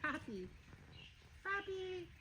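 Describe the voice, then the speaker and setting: A woman at an animal pen outdoors, calling softly to a small pet in a sing-song way and chatting casually. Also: very high voice, sing-song, very slow, slight background noise.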